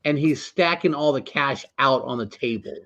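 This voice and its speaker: A man's voice: mid-range voice, moderate pace, a bit bright, muffled recording. A man co-hosting a podcast in casual chat, laid-back and brief in his replies. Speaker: podcast co-host.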